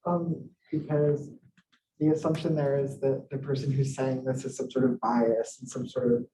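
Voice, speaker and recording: A man's voice: mid-range voice, flat delivery, moderate pace, distant mic, noisy background. A male student giving a hesitant, thoughtful answer in class. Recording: roomy, from across the room.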